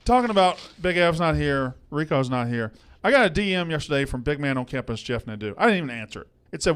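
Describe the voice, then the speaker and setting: A man's voice: fairly high pitch, sing-song, fast, hardly any pauses, fairly bright tone, clean tone. A man hosting a casual sports betting show in a studio, swearing freely and worked up in heated rants. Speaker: host.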